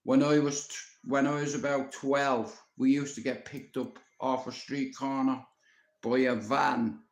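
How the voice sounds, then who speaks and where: A man's voice: medium pitch, little pitch movement, a little slow. Rambling sweary Dublin man in his fifties. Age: 50s. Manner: rambling, sweary, full of "you know". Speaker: live streamer. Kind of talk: casual storytelling on a live stream. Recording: roomy echo.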